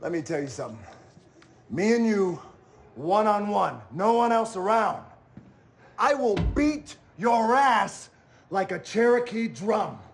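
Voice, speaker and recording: A taunting brawler with a shrill, squeaky voice, as a man puts him on for a story. He draws out his threat to fight one on one. Faint hiss sits under the line. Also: lively intonation, unhurried, pauses often.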